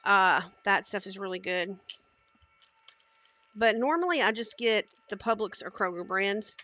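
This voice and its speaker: A woman's voice: medium pitch, unhurried, bright, forceful tone, highs cut off. A woman cooking on a live stream, chatting casually and talking viewers through each step into a headset mic in her home kitchen.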